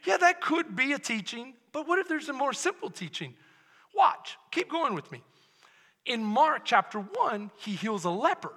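A man preaching with a very high, bright, ringing voice that swings widely in pitch. His delivery climbs from hushed tenderness to shouted fervor. The sermon echoes through a large church hall with a long reverb tail. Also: sing-song, normal speed. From Texas. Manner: builds from soft and intimate to loud, shouted passion. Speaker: pastor. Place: church sanctuary.

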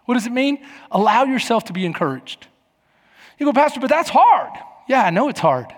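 A man in his forties preaching a sermon as pastor, telling stories with lively acted-out voices and shouts. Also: high-pitched, brisk, in a large hall. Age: 40s. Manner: animated storytelling, acting out voices and shouts. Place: church.

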